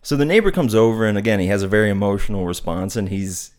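Guy with a lowish voice, rambling thoughtfully, telling a little parable casually. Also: fairly quick, few pauses, darkish tone. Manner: meandering, thoughtful, searching for words. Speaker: speaker on non-duality. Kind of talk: casual reflective talk with storytelling.

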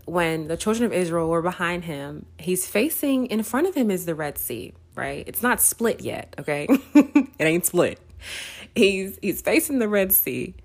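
A woman hosting a podcast, giving a casual faith talk in a conversational way with lots of fillers and frequent laughs. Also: fairly low pitch. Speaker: podcast host.

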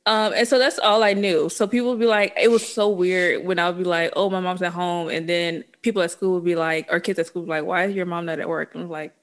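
A woman's voice: fairly low pitch, steady tone, brisk, hardly any pauses. A woman, sounding a bit sniffly, talking candidly and casually with laughs and slang. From New Orleans, Louisiana. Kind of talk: casual chat.

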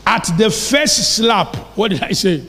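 A Nigerian pastor preaches a sermon in a church hall, emphatic and posing rhetorical questions to his congregation. His voice is high, expressive, and sharp, at a measured pace. The recording carries the long reverb of the hall.

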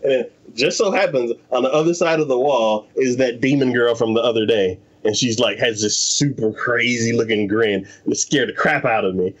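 A man's voice: mid-range voice, moderate pace, few pauses, poor audio. A man in casual chat, animatedly retelling an anime plot and acting out the characters' lines, with lots of fillers. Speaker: anime podcast co-host.

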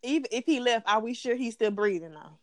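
A woman's voice: a little high, brisk, dry recording, studio quality. A woman co-hosting a casual TV recap chat, blunt and profane as she rants about the show. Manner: blunt, profane, animated ranting. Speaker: podcast co-host.

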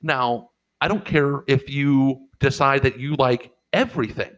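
A man's voice: mid-range voice, measured pace, a bit bright, poor audio. A middle-aged man in casual podcast chat, telling rambling, profane stories and acting out what people said. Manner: profane, rambling storyteller who acts out quotes. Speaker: podcast co-host and father.

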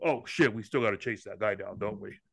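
A man's voice: lowish voice, brisk, vocal fry, slightly rough, dry recording. A man playing in a comedic tabletop game, joking and swearing freely. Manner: joking, profane, laughs often. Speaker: player. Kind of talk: casual banter.

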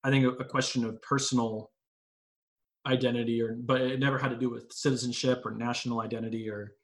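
A man's voice: medium pitch, little pitch movement, quick pace, rough recording. A man in his late twenties talking in a casual group discussion, telling rambling personal stories. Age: late 20s. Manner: rambling, anecdotal storyteller. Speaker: panelist.

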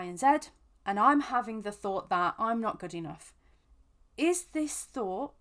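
Earnest woman giving self-help advice. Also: on the high side. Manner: gentle, earnest, with frequent restarts and repeated words. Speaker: podcast host. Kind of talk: reflective self-help talk.

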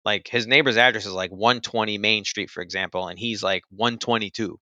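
A man with a fairly low, steady voice talks briskly and sharply, casually telling a story about something that happened to him, loose and full of fillers like "like" and "you know." The recording is lo-fi, with no room sound.

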